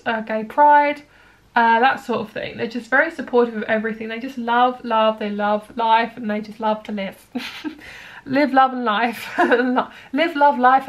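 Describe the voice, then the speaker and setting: A young woman chatting casually through a tarot reading, rambling with lots of fillers. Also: a little high. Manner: chatty, rambling, many likes and ums. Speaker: tarot card reader.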